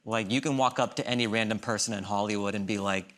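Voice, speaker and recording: A man's voice: on the low side, level tone, fast. A man comedian telling wry observational jokes on a comedy game show. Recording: heavy background noise.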